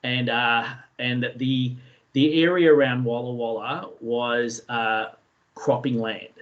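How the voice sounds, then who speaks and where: An Australian man telling a story in a relaxed way, with many fillers, as a guest speaker in an online session. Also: mid-range voice, takes it slowly, highs cut off. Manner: chatty, anecdotal, many fillers.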